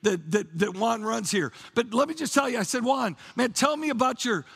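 High-voiced gravelly preacher man. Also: normal speed, a bit bright. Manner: fervent, repeats "man" often, restarts phrases. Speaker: pastor. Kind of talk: sermon. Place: church.

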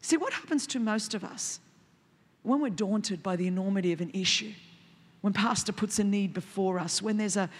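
A woman in her forties preaching a sermon, animated and humorous, acting out dialogue as she goes. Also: mid-range voice, moderate pace, breathy edge, long reverb tail. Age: 40s.

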